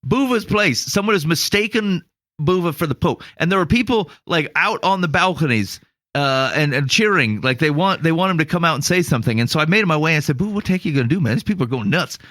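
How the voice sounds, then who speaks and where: A man's voice: fairly high pitch, animated, fairly quick, bright, forceful tone, dry recording, clean studio sound. A man from Iowa co-hosting a podcast, telling a long story casually and laughing at himself. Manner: rambling, self-mocking, laughs through his story. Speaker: podcast co-host.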